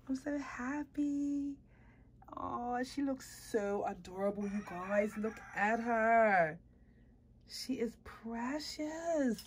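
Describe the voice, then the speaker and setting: A woman's voice: on the high side, a little mellow, slightly rough. A woman vlogging about her doll collection in casual chat to the camera, gushing and cooing baby talk at her doll.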